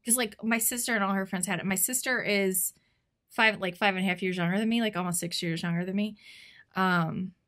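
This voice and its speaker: Brisk and mid-range, a woman in her thirties recounts a personal story while co-hosting a podcast in casual chat. She animates it by acting out what others said.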